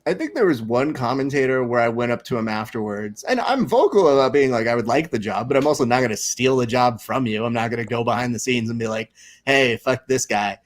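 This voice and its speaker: A man's voice: medium pitch, expressive, fast talker, hardly any pauses. Man hosting a joking watch-along. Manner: joking, teasing, laughs often. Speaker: show host. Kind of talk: casual chat, watching an event along with a guest.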